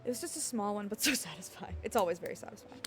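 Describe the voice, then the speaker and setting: A woman streaming a game live, chatting casually with her viewers in a playful, excitable way. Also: mid-range voice, rapid-fire, over music. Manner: playful, excitable, jokes with chat. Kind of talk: casual live-stream chat while gaming.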